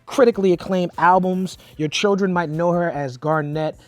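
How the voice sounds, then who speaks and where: A man's voice: high voice, steady tone, normal speed, no room sound. A man in his forties hosts a hip-hop interview show. He opens with big hype-style introductions. Then he settles into friendly conversation. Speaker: host.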